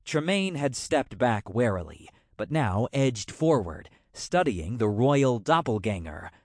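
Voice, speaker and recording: A man narrating a fantasy audiobook in a measured, wry storytelling manner. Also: mid-range voice, big pitch swings, darkish tone, no room sound, clean studio sound.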